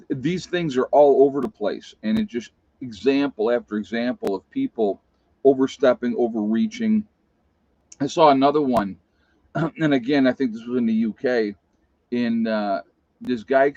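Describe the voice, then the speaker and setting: A middle-aged man with an Appalachian American accent talks casually to his live-stream viewers. He rambles, loses his thread and answers the chat as he goes. His voice sits in a middle pitch, and the recording is dry and a little dull, with a lo-fi edge. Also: darkish tone, no room sound. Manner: rambling, loses his train of thought, reads chat aloud. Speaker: livestream host. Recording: dull, slightly lo-fi dry sound.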